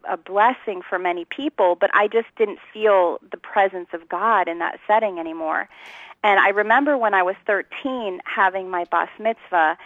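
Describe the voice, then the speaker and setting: A woman from New Jersey, a guest telling her personal story in a lively, conversational way and laughing often. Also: mid-range voice, no echo, phone-quality sound. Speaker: interview guest.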